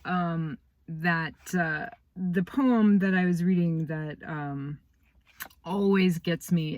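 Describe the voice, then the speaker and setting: A woman author chatting casually, then reading her own novel aloud, talking with many fillers and openly moved by her story. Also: fairly low pitch. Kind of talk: casual chat and read-aloud narration.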